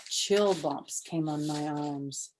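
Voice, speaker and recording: An older woman reading a children's chapter book aloud, animated in the lively parts and soft and hushed in the quiet ones. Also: low voice, slow pace, noisy background.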